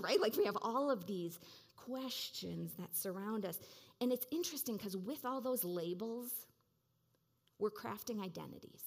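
A woman's voice: mid-range voice, a little mellow. A woman preaching a sermon in a conversational, reflective way, with many casual fillers.

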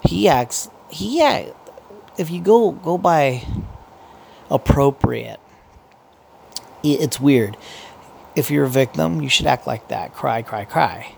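Gravelly-voiced man, mid pitch, casual profane podcast rant, faint background hiss. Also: lively intonation, takes it slowly, pauses often, darkish tone. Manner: profane, meandering, with many restarts. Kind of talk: casual rambling commentary.

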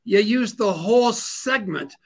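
Gravelly, excitable male radio host. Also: high voice, a little slow. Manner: gushing, joking, excitable. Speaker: radio talk show host. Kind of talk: effusive radio show hosting.

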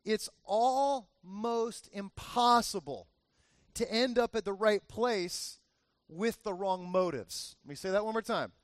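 A man's voice: high voice, slow, no room sound, studio quality. A male pastor giving a conversational sermon, often repeating phrases for emphasis and adding joking asides.

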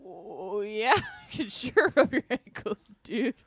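A woman's voice: medium pitch, sing-song, slow pace, a bit bright, husky, dry recording, full character voice. A woman playing a laid-back male surf shop guy who drawls with lots of fillers in an improvised comedy sketch.

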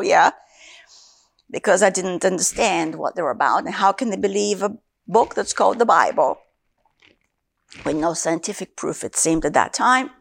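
A woman's voice: medium pitch, vocal fry, fairly bright tone. A woman from Africa, a Christian minister, giving an earnest sermon with her personal testimony and repeating key phrases for emphasis.

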